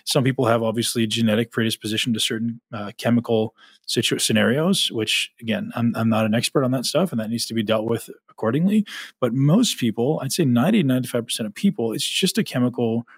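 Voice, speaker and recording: A man's voice: medium pitch, fast talker, slightly rough, dry recording. A man talking as a podcast guest, intense and emphatic, swearing freely. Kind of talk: podcast conversation.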